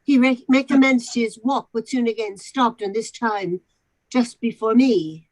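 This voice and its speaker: Woman reading a classic novel out loud, kinda high voice, trips on a word now and then. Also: measured pace, rough recording. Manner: expressive with occasional stumbles. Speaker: narrator in a charity readathon.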